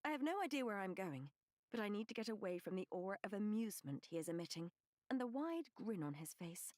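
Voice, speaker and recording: A woman reading a first-person novel as an audiobook narrator, measured and expressive. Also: mid-range voice, no echo, clean studio sound.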